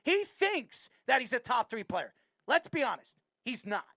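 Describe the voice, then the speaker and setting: A woman with a New York accent hosting a sports talk show, ranting bluntly about a player with loud bursts. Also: a little high, sing-song, unhurried, dry recording, clean studio sound. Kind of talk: opinionated sports commentary.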